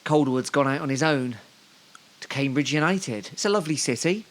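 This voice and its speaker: Rambling through the football news with dry jokes on the side, this Devon-born co-host of a casual podcast speaks fairly quickly. His pitch here is fairly high.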